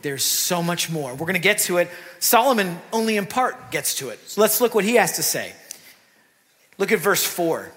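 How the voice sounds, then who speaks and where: A man preaching a sermon in a church, talking in a lively, conversational way with asides to the congregation. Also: on the high side, normal speed. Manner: animated, conversational preaching with asides and acted quotes. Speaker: pastor. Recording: long reverb of a church hall.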